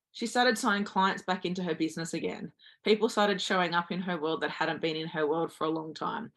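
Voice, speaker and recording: A woman guest giving earnest motivational advice, speaking directly to listeners as a confidence coach. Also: lowish voice.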